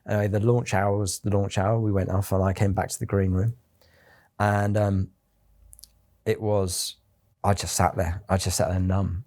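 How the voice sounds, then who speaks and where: Here the English founder, middle-aged, sits low with a flat delivery, a darkish tone and normal speed. Still chatty, he spins interview anecdotes and acts out the voices of people he quotes.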